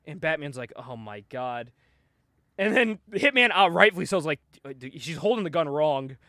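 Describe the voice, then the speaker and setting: A man with a high, bright voice that swings widely as he retells a comic story, dropping into other characters' voices and laughing between lines. The recording is dry and close. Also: very animated, normal speed, no echo. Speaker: podcast host. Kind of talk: casual comic book recap.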